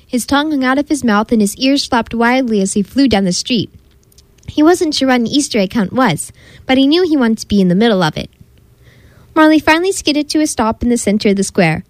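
Expressive woman reading a picture book aloud. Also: a little high, moderate pace, no room sound, low-quality recording. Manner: expressive, sing-song read-aloud delivery. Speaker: storyteller.

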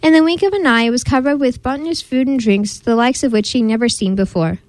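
A woman hosting a storytelling show, reading a picture book aloud with expressive narration. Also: a little high, fairly quick, no room sound. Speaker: host and storyteller.

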